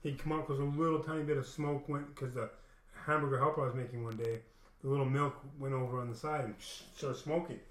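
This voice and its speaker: A man's voice: medium pitch, fairly even intonation, brisk. A young man telling a long, rambling story full of swearing, restarting often and acting out what other people said. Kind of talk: casual storytelling rant. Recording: echoey room.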